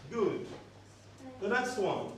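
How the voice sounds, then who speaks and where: Male language teacher, unhurried and patient, drills vocabulary with the class; distant, roomy recording with faint noise behind. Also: high voice, expressive, a bit bright. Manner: patient, drills words by repetition and questions. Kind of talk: children's language lesson. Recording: very echoey room, voice from far off.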